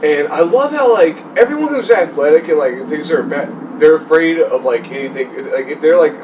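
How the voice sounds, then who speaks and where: A man's voice: a little high, expressive, fairly quick. A young man hosting a podcast, telling a comedic ghost story in a rambling way full of "like". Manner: rambling, lots of "like". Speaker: podcast host. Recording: slightly distant mic, faint noise.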